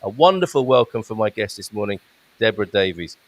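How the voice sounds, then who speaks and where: A fast talker with an expressive voice on the low side hosts a casual live stream via video call from home in Portugal. He chats along and reads out what viewers comment.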